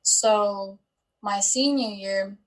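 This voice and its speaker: A woman in her twenties, a guest in an interview, tells her story in a chatty, easygoing way, filling her sentences with likes and ums. Her voice is mid-range and extremely slow, and the recording quality is low.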